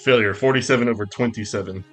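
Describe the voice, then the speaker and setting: A man's voice: lowish voice, fast, soft background music. A man playing a tabletop horror game, talking in a matter-of-fact, casual way. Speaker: player.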